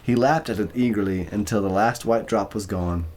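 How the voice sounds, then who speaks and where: Tired male ASMR narrator with a slightly low voice; soft, apologetic, stumbling delivery. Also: normal speed, a little hiss or hum. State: exhausted. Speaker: ASMR storyteller. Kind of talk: ASMR story reading.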